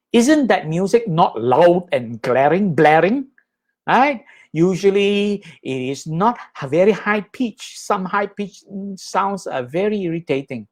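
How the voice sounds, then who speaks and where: A man teaching in a live Dhamma talk, conversational and animated, often checking in with his listeners. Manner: animated, acts out high and low sounds with his voice. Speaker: Buddhist teacher.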